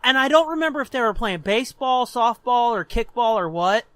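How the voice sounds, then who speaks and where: Young guy on a podcast, really bright voice, swears a lot and cracks himself up telling stories, dry close mic. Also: very high voice, fairly quick, no room sound. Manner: animated, profane storyteller who laughs often. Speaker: podcast co-host. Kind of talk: casual chat, storytelling.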